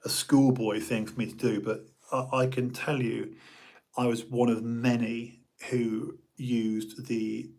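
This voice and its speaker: A middle-aged man with a British accent, talking off the cuff on a live stream. His voice is a touch husky and sits at an ordinary middle pitch. He rambles, jokes and restarts his sentences often, animated and chatty throughout. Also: slow. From United Kingdom. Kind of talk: casual rambling monologue.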